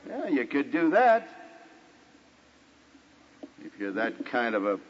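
A man preaching a storytelling sermon in an animated way, with his voice jumping high whenever he quotes someone. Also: slow. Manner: animated, jumps high when quoting others. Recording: dull lo-fi recording with faint hiss.

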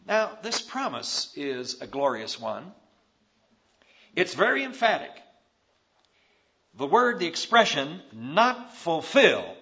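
A man's voice: on the high side, pushed and bright. A man preaching a sermon with emphatic, rising stresses, on a dull lo-fi recording.

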